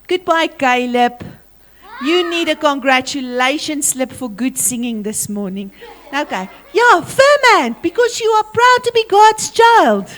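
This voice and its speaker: A high-voiced woman with a South African accent addresses a school assembly, commanding and playful. She calls pupils forward and drills them with energy. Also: animated, measured pace, a bit bright. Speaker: teacher leading a school assembly.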